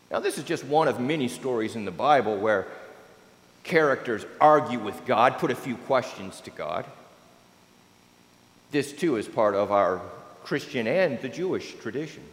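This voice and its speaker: Male pastor, expressive sermon delivery, mid-pitched voice, roomy church sound. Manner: expressive preaching, swelling and dropping to near-whispers.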